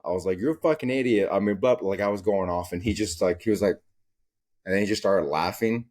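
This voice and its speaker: A man's voice: low voice, steady tone, fairly quick, darkish tone. A young man hosting a casual solo podcast, telling stories in a profane, rambling way. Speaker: podcast host.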